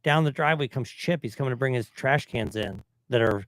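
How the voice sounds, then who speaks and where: A man's voice: mid-range voice, a little fast, no echo. A man co-hosting a podcast in a studio, telling a story casually and laughing often. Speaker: podcast co-host. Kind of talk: casual chat.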